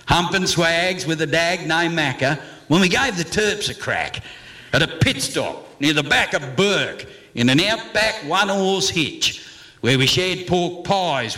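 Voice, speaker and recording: Aussie guy doing a comic slang poem, bright voice, bouncy up and down delivery. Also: fairly high pitch. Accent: Australian. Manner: rollicking, theatrical, heavy with slang. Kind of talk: comic recited verse.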